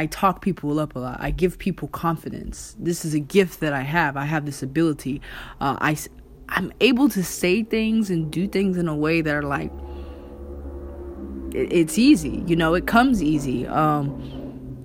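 A woman's voice: on the low side, dry recording. A woman talking casually to the camera about spiritual energy, loose and conversational, swearing now and then. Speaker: vlogger.

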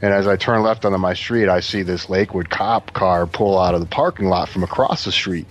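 A man casually telling a story to friends, animated and profane, acting out what others said. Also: deep voice, a little fast, dull audio. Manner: animated, profane, acts out quotes. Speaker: podcast guest telling a story.

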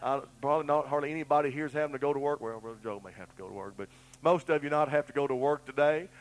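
A man's voice: a little high, fast, rough recording. A middle-aged man, preaching a sermon in a folksy, earnest way and telling down-home stories. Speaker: pastor.

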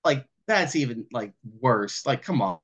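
A man co-hosting a casual podcast, retelling film scenes in a loose, animated way, full of "like" and casual swearing. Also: mid-range voice, measured pace, breathy edge, dull audio. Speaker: podcast co-host. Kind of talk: casual film discussion chat.

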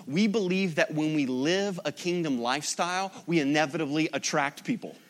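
Guy pastor preaching, kinda high voice, punchy and repeats himself a lot. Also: moderate pace. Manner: emphatic, rhetorical repetition. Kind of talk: sermon.

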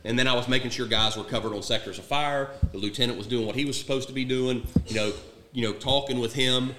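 A man's voice: medium pitch, steady tone, fast talker, background noise. A middle-aged man, a retired Marine platoon sergeant, telling war stories in a blunt, profane, candid way. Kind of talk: casual war storytelling. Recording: echoey room.

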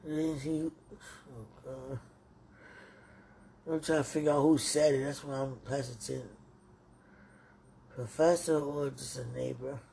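A woman's voice: a bass voice, steady tone, moderate pace, gravelly, pauses often, mellow, a little hiss or hum. A woman talking aloud to God in an emotional prayer, pleading and sighing, worked up and near tears. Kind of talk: emotional spoken prayer monologue.

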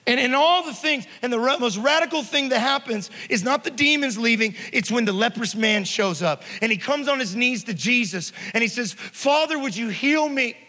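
A man preaches with a high, ringing voice that carries through a hall with long reverb. He tells stories in a hushed tone, then rises into loud, stirring calls to his congregation. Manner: storytelling preacher, swings between hushed and loud. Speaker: pastor. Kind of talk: sermon.

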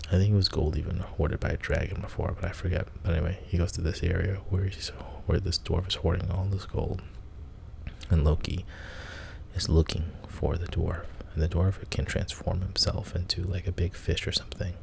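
A deep, gravelly man tells a bedtime story in a soft half-whisper, rambling and unhurried. His voice stays low and flat, with a faint hiss of noise behind it. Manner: meandering and unhurried, with casual restarts. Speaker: sleep story host.

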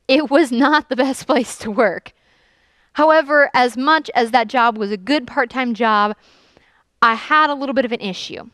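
A young woman youth pastor preaches, telling stories earnestly and leaning into key lines. Her voice sits a little high and comes through smooth and clear. The sound is dry and close. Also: dry recording. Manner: earnest storytelling with lively emphasis. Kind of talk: sermon.

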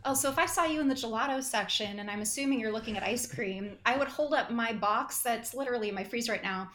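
A woman's voice: fairly high pitch, quick pace, fairly bright tone, a little hiss or hum. An American woman who acts, talking as a podcast guest, enthusiastic and laughing often with many fillers. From United States. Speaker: guest, actor. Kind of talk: casual podcast interview.

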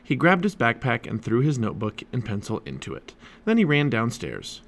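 Man reading a storybook aloud, animated. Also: medium pitch, moderate pace, creaky. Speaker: storybook reader. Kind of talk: family read-aloud narration.

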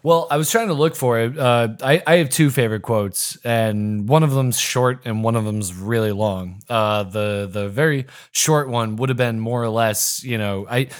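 A man's voice: medium pitch, moderate pace, few pauses. A man co-hosting a podcast, chatting casually about movie quotes, enthusiastic and swearing freely. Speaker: podcast co-host. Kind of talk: casual chat.

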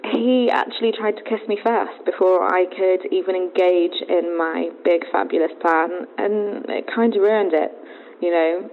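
A woman's voice: mid-range voice, phone-quality sound. A woman leaving a chatty, breezy voice message. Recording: phone voicemail with faint hiss.

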